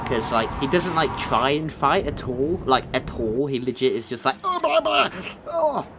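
A man's voice: mid-range voice, normal speed, background noise. A young man giving jumpy, joking commentary over a horror game, swearing and yelping when startled. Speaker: gaming video host. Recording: game music loud behind voice.

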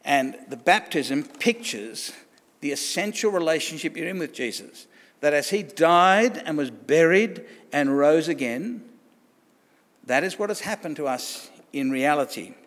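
A man's voice: on the high side, animated, unhurried, fairly bright tone. Australian man preaching in reverberant church. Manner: conversational, restarts and rhetorical questions. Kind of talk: sermon. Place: church hall.

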